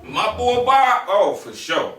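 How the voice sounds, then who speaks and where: A man, casually telling loud, profane, laughing stories about his school days as a podcast host. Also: high-pitched, sing-song, slow, distant mic. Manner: laughs often, swears heavily, acts out people in the story. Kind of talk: casual storytelling. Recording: roomy, off-mic, with loud music behind.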